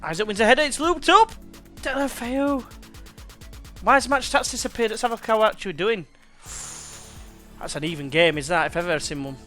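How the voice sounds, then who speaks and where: A young gamer with a high-sitting, sharp voice talks fast as he plays a football management game, with soft music in the background. His let's play commentary is chatty and slangy, calling the action play-by-play.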